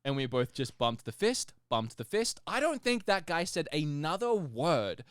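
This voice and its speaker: Lively laughing podcast guy. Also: fairly high pitch, a little slow, dry recording, studio quality. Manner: animated storyteller, laughs often. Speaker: podcast co-host. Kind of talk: casual chat.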